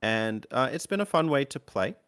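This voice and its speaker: A man's voice: mid-range voice, animated, moderate pace, a bit bright, clear, resonant tone, no echo, clean studio sound. A man co-hosting a casual video game podcast, joking and enthusiastic. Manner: jokey, enthusiastic, plays with silly voices. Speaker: podcast co-host.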